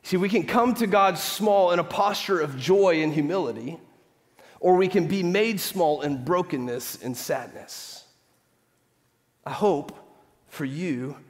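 A man preaching to his congregation, emphatic, throwing questions out for the room to answer. His voice sits a touch high for a man, and a long church-hall reverb trails every phrase. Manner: emphatic, asks the congregation call-and-response questions. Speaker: pastor. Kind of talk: sermon. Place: church sanctuary.

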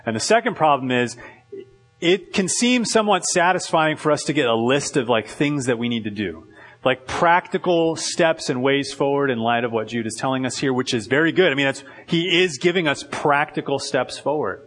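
A man preaching a sermon as pastor, in a loose conversational way full of "like" and quick restarts. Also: medium pitch, lively intonation, a bit bright.

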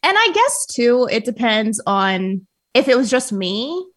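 A woman in casual podcast chat, animated and giggly, with many fillers. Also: on the high side, a little slow.

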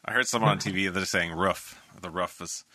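A man with a very low pitch and a bright, sharp edge to his voice hosts a relaxed interview. He talks easygoing and halting, restarting his sentences, and the video-call sound is close and dry. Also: no echo. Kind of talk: casual interview.

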